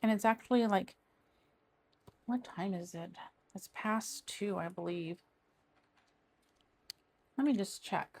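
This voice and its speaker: Middle-aged woman, rambling craft-vlog chatter, mid-pitched voice. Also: takes it slowly, long pauses, darkish tone. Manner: rambling, chatty, trails off and restarts. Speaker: crafting vlogger. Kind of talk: casual chat while diamond painting.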